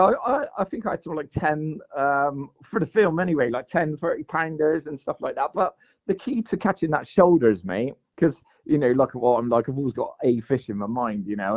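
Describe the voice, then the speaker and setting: A man tells his story in a loose, rambling way, peppering it with "mate" and "like". His voice sits in a middle register, and the recording sounds dull and lo-fi. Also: mid-range voice. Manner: rambling, full of "mate" and "like" fillers. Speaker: guest angler. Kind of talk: casual storytelling interview. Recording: dull lo-fi audio.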